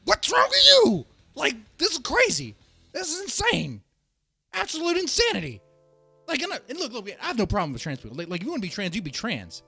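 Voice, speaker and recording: A man hosting a ranting commentary show, heated and emphatic, who repeats himself and restarts his sentences and sometimes rises to a shout. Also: extremely high pitch, no echo. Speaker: host of a reaction and rant channel.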